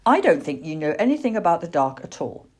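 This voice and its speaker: A calm, firm mother barn owl, as a woman puts her on in a storybook. Her voice is low and a little husky, patient yet gently teasing, with a wide lift when she makes a point. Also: quick pace, full character voice.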